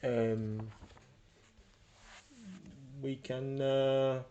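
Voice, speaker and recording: A man's voice: medium pitch, flat delivery, drawn-out words, warm tone, muffled recording. A man voicing a shrewd female clinic doctor with a put-on Russian accent, speaking formally and haggling over prices. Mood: businesslike. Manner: formal, hesitant, businesslike upselling.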